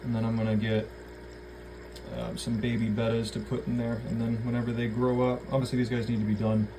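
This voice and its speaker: Casual man, middle pitch, rambling home-aquarium vlogger who talks to his fish and swears lightly. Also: completely flat delivery, brisk, noisy background. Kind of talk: casual vlog chat.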